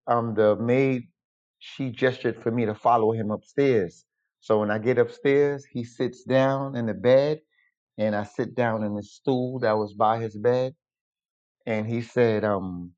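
A man's voice: medium pitch, unhurried. A man casually telling a personal story, acting out the dialogue as he goes. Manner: animated, retells with quoted dialogue. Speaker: guest storyteller. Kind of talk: casual anecdote. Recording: dull lo-fi recording.

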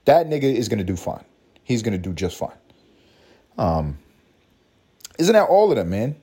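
A man's voice: fairly low pitch, big pitch swings, normal speed, warm tone, slightly rough. A man hosting a podcast, ranting in a profane, mocking, storytelling way. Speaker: podcast host. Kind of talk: profane comedic rant.

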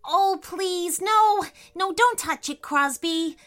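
A woman's voice: on the high side, wildly swooping pitch, slow, fairly bright tone, soft background music, exaggerated voice. A woman voicing a timid, fearful younger boy in a children's storybook, speaking in anxious pleas. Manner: pleading, anxious.

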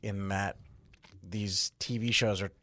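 A man's voice: on the low side, steady tone, slow, pushed and bright. A man who is an actor guest on a podcast, talking casually in a reflective, loose and rambling way. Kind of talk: casual interview chat.

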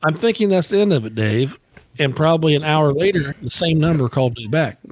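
Lively rambling male storyteller. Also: a little high, a little fast, dry recording. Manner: animated, rambling storyteller with many restarts. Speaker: podcast host. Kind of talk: casual chat, storytelling.

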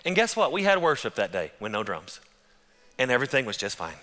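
A man preaching a sermon as pastor, telling stories in an animated, conversational way. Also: mid-range voice, a little fast, long reverb tail.

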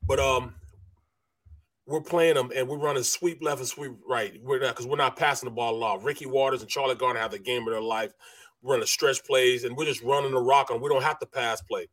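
A man's voice: medium pitch, fairly quick, dry recording. A middle-aged man, a former football lineman, telling stories in casual sports-radio chat and acting out what others said. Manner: animated storyteller, acts out quotes. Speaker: co-host, former NFL lineman.

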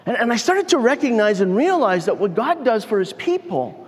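A man with a high voice preaches a sermon as pastor in a loose, conversational way, often repeating and restarting words as he thinks aloud. His voice rings out with the long reverb of a large hall. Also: big pitch swings, fairly quick.

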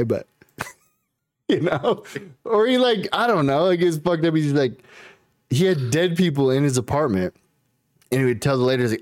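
A man's voice: fairly high pitch, animated, moderate pace, pauses often, a little mellow, dry recording, clean studio sound. A man chatting casually as a podcast host, rambling, laughing often and swearing a lot. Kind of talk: casual chat.

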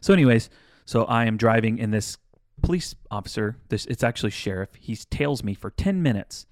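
A man co-hosting a podcast, telling a long rambling story in a casual chat, animated and swearing now and then. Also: mid-range voice, a little fast, dry recording, studio quality. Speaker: podcast co-host.

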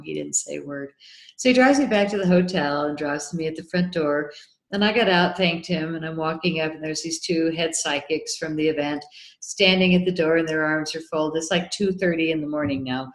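A woman guest on a podcast, telling a story in an animated way and acting out the quoted dialogue. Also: low-pitched. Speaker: guest, documentary filmmaker. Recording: echoey room.

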